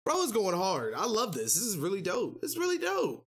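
A young woman from the United States giving casual, slangy reaction commentary in an animated, chatty way. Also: medium pitch, moderate pace, breathy edge. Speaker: reaction video host.

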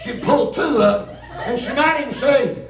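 A man, preaching a revival sermon in a folksy, animated storytelling way and calling out to the congregation. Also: very high voice, unhurried, crowd noise. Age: 50s. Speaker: visiting preacher. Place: church sanctuary. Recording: echoey church room, mic at a distance.

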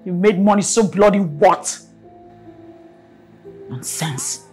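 A woman's voice: medium pitch, slow, darkish tone, soft background music, natural voice. An actress playing a proud, angry wealthy mother who scolds with a Nigerian accent, often repeating herself. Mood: scolding. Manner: scolding, repeats herself, long dragged words. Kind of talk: Nollywood film acting.

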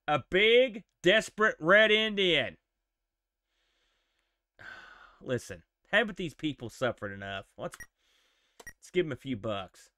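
A man giving casual, animated live-stream commentary while playing a retro game, exclaiming and joking at it. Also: on the high side, slow, long pauses, no echo.

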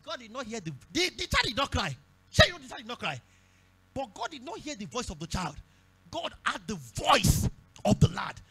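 A man with a Nigerian accent preaching a sermon at a church service, repeating phrases and breaking into shouts. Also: very high voice, huge pitch swings, normal speed, vocal fry, slightly rough. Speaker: pastor.

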